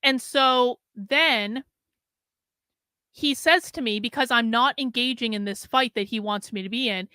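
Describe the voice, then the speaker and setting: Bright-voiced, profane woman telling a story. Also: on the high side, a little slow, smooth, no echo, studio quality. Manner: profane, heavy use of filler "like", frequent restarts; agitated retelling. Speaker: political commentator host. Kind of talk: casual first-person storytelling monologue.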